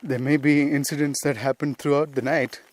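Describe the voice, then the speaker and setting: A fairly high-pitched male voice, level in tone and moderate in pace, belongs to a spiritual teacher hosting a podcast. Speaking off the cuff on an outdoor hillside, he rambles conversationally with frequent "you see".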